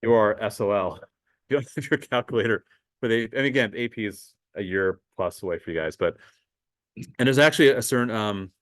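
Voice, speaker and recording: A man teaching a high school math class in a casual lecture, talking the students through calculator steps. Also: fairly quick, a bit bright, rough recording. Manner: casual, talks to students as guys, thinks aloud with fillers.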